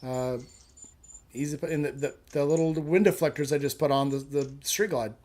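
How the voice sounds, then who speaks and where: A man's voice: fairly high pitch, brisk, darkish tone. A man on a live chat show, talking casually and bluntly, with firm opinions and a habit of telling jokes.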